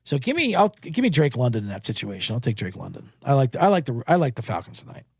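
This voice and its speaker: A man's voice: medium pitch, big pitch swings, quick pace, breathy edge, no room sound, studio quality. A man hosting a sports betting show, recapping games in a rambling, profane, joking way and slipping into mocking voices.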